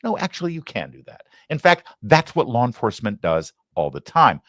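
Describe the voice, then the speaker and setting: A man's voice: medium pitch, very animated, brisk, fairly bright tone, no room sound, clean studio sound. A middle-aged man hosting a political commentary show, talking in a sarcastic, indignant, emphatic way. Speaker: host.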